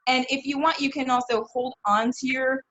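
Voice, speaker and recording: A woman's voice: high voice, steady tone, normal speed, fairly bright tone, no room sound. A woman leading a kids yoga class over a video call, upbeat and encouraging, laughing often. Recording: dull lo-fi video call audio.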